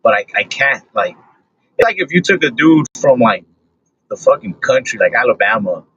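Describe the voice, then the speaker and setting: A man in casual podcast chat, talking in a laid-back, monotone way with lots of fillers. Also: medium pitch, moderate pace, a little hiss or hum. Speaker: comedian, podcast guest. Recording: dull lo-fi recording.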